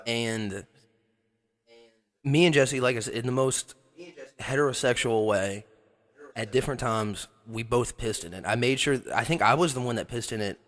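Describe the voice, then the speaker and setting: A man's voice: mid-range voice, moderate pace, pauses often, fairly bright tone. A young man co-hosting a podcast, telling crude, profane stories and laughing often as he goes. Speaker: podcast co-host. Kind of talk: crude casual storytelling.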